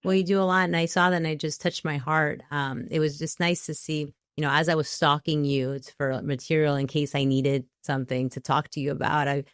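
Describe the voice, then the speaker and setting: Brief: woman host, very low voice, effusive and giggly, dry close sound. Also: steady tone, brisk, hardly any pauses, clean tone, no echo. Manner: effusive, laughs often, trips over her words. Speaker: interview host. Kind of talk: casual interview chat.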